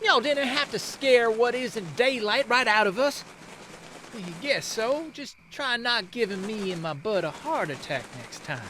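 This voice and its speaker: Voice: medium pitch, lively intonation, unhurried, pushed and bright, a little hiss or hum. A performer voicing a chatty little boy rabbit. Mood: wary. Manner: chatty and playful, says y'all, laughs often. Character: small young boy rabbit, curious and playful.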